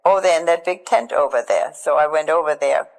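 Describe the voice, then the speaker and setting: Gravelly older woman. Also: low-pitched, brisk, in a large hall, poor audio. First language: German. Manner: earnest storytelling with restarts and prayerful asides. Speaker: Holocaust survivor telling her story. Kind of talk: recounted personal testimony.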